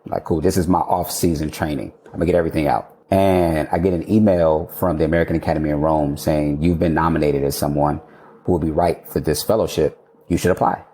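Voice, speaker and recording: Low-voiced man telling a candid story. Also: fast talker. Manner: animated, candid, swears casually, quotes himself. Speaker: interview guest, architect. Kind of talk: casual storytelling conversation.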